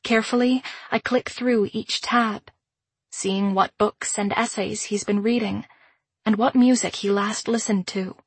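Brief: woman narrator, slightly husky voice, mid pitch, measured and introspective first-person storytelling. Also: steady tone, no room sound. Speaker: audiobook narrator.

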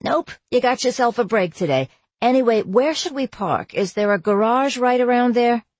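A woman voicing a cheerful middle-aged mother who talks in a booming, brisk way on the phone. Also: animated, a little mellow, dry recording. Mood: chirpy.

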